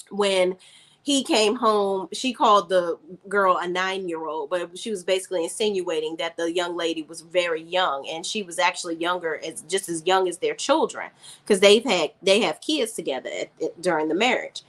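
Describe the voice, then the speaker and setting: A woman hosting a casual live stream, recapping a TV drama and chatting sassily with her viewers. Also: lowish voice. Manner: chatty, sassy, reads chat aloud. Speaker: TV recap host.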